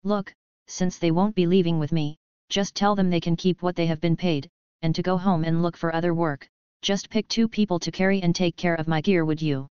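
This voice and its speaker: Dry fed-up immortal guy, read by a woman, low smooth voice, muffled-ish dry sound. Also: fairly even intonation, fairly quick, darkish tone, no room sound, close to an everyday voice. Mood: exasperated. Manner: dry, exasperated. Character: weary, sardonic immortal man. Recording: dry, dull lo-fi.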